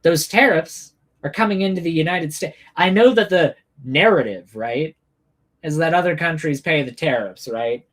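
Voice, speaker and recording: On a political livestream, a man with a voice on the high side talks at a moderate pace. He delivers sarcastic, animated rants laced with heavy swearing and mock outrage, making for profane political commentary.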